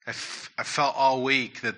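A man's voice: medium pitch, little pitch movement, moderate pace, sharp tone. A man preaching a sermon and leading prayer in a church, earnest and repeating his key points. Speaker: pastor.

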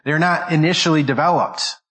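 A man's voice: on the high side, a little fast, a bit bright, rough recording. A man preaching a sermon as pastor, stressing each word and often repeating and restarting phrases as he goes. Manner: restarts and repeats words while thinking aloud.

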